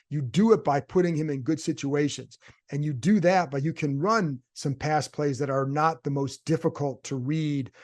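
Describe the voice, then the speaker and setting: A man's voice: fairly high pitch, darkish tone. A man, a sports reporter hosting his own show, talking through his views in casual solo commentary and answering his own rhetorical questions. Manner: conversational, thinks aloud with rhetorical questions. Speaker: sports reporter and podcast host.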